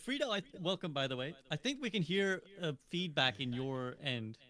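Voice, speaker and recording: A man's voice: on the high side, big pitch swings, moderate pace, sharp tone. A man chatting casually on a podcast over a headset, easygoing and reassuring.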